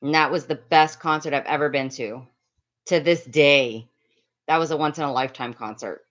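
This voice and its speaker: A woman's voice: low voice, normal speed. A middle-aged woman from the Miami area telling a casual story to a livestream chat, rambling and reading out viewer names as she goes. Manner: chatty, reads out viewer names. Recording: slightly dull lo-fi audio.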